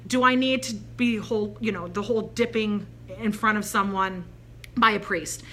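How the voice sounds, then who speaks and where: A woman's voice: mid-range voice, moderate pace, slight background noise. A woman telling a spiritual story in a casual, chatty way, acting out the voices of the people in it. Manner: chatty, animated, quotes voices in her anecdotes. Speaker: spiritual channeler.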